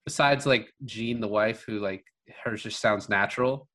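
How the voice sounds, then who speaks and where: A man's voice: on the low side, normal speed, pushed and bright. A man co-hosting a podcast, chatting casually about a film in a rambling way full of filler words. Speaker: podcast co-host.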